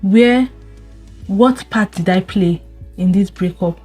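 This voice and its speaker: Young woman vlogger with a husky voice, chiding and repetitive. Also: medium pitch, slow pace, warm tone, faint music behind. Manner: scolding rhetorical questions, repeats words, frequent laughs. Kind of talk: casual advice monologue to camera.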